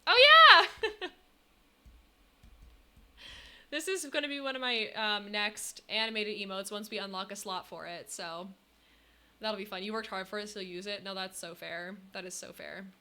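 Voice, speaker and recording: Bright, bubbly young woman streamer. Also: medium pitch, normal speed. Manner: bubbly, thanks chat often, giggly. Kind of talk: casual live-stream chat.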